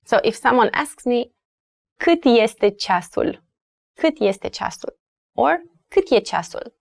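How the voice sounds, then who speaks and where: A young adult woman with a Romanian accent, teaching phrases in a lesson and repeating words slowly for learners. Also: on the high side, sing-song, vocal fry, no room sound. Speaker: language teacher. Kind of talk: language lesson.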